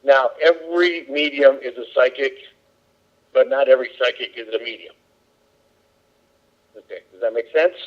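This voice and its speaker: A man's voice: mid-range voice, steady tone, moderate pace, long pauses, lo-fi sound. A man, a psychic medium guest, talking in a casual podcast chat, emphatic and easily exasperated.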